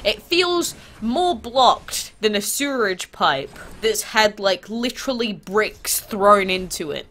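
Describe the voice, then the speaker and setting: A congested woman with a stuffy nose from a cold, hosting a mobile game channel in chatty, animated talk full of rhetorical questions. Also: medium pitch, slow, few pauses. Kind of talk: casual gaming vlog chat.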